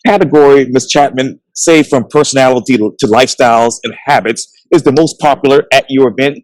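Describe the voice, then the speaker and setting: A man's voice: mid-range voice, a little fast, no echo, low-quality recording. A man hosting a local interview show, asking questions politely and formally. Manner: polite, affirming, formal address.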